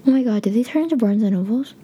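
A woman's voice: a little high, expressive, racing, dark tone, a little hiss or hum. An eighteen-year-old woman, a native Spanish speaker, rambling chattily as she tells stories from her childhood to her viewers. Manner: rambling, chatty, frequent "like" and "oh my God". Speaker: vlogger. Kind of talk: casual storytelling to camera.

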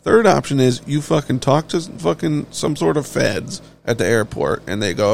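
Brief: male solo host, gravel in the voice, profane offhand rant, faint hiss behind. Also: medium pitch, lively intonation, normal speed. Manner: blunt, heavily profane, offhand. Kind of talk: casual ranting monologue.

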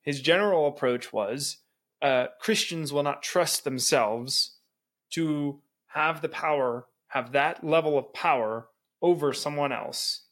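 A man's voice: fairly high pitch, slow, fairly bright tone. Emphatic man with a raised voice. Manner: emphatic, keeps asking "right?", laughs between points. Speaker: podcast co-host. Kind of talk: reading a book aloud and commenting.

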